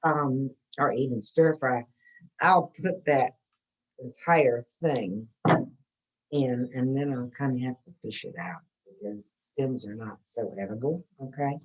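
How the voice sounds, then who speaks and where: A woman's voice: very deep voice, expressive, measured pace, dull audio. A woman teaching an informal gardening class, chatty and answering questions, often checking in with "okay?".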